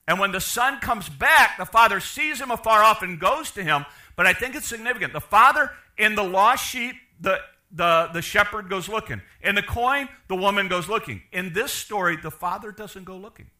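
A middle-aged man preaching a sermon, animated, acting out quoted characters, with frequent restarts. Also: high-pitched, moderate pace. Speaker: pastor.

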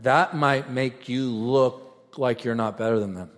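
A man preaching a sermon, telling stories conversationally and rising to fervent, shouted peaks. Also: medium pitch, unhurried. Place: large event hall. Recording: reverberant large hall.

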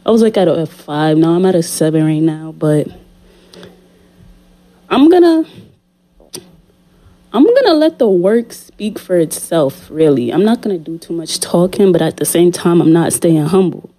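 A woman's voice: fairly low pitch, expressive, moderate pace, hardly any pauses, dark tone. A woman hosting her podcast in a casual monologue, playful and repeating herself as she talks straight to her listeners, a little out of breath. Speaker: podcast host. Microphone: studio condenser mic.

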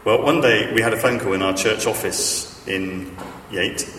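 Male preacher, low-ish voice, rambling storyteller; recorded off-mic in a reverberant hall. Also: measured pace, fairly bright tone, recorded from a distance, a little hiss or hum. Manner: chatty, self-deprecating, many fillers and restarts. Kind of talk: sermon with stories. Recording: echoey hall, speaker off-mic.

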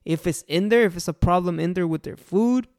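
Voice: mid-range voice, a little fast, darkish tone, dry recording, clean studio sound. A restaurant owner giving casual, earnest customer-service advice and repeating the key points for emphasis.

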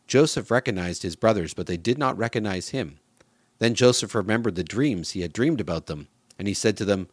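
Low-voiced man reading scripture. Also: expressive, normal speed, dry recording. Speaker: scripture reader. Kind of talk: Bible reading.

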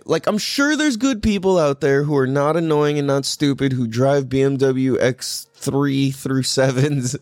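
A man's voice: on the high side, darkish tone, no echo, clean studio sound. A man hosting a podcast, telling a story in a casual, profane rant and laughing often. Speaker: podcast host.

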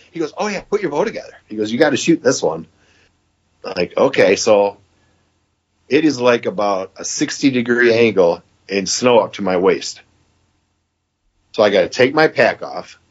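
A man's voice: mid-range voice, breathy edge, highs cut off. A man in his fifties from Michigan, a podcast guest telling a long story in a rambling, casual way and quoting what others said. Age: 50s. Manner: rambling, quotes others with "he goes".

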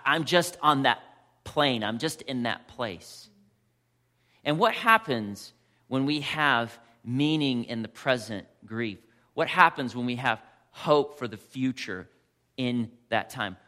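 A pastor preaching a sermon with passion, rising to loud emphasis and then dropping to a quiet, intimate tone. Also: male voice, medium pitch, expressive, measured pace.

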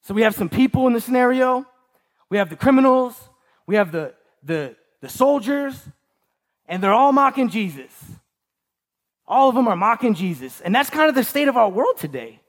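High-voiced man preaching emphatically. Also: sing-song, moderate pace. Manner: emphatic, repetitive preaching with rhetorical asides. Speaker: pastor. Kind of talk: sermon.

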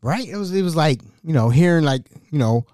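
A man's voice: on the high side, expressive, fairly quick, darkish tone, no room sound, clean studio sound. A young man hosting a podcast, casually telling family stories with laughs and imitations of relatives. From Ohio. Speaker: podcast host. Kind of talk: casual storytelling monologue.

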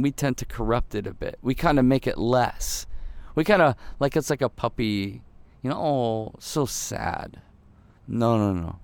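Guy preaching a sermon, smooth clear voice, dry close sound, earnest, goes soft then builds up. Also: no echo. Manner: earnest, swings between soft intimate lows and rising emphatic peaks. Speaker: pastor.

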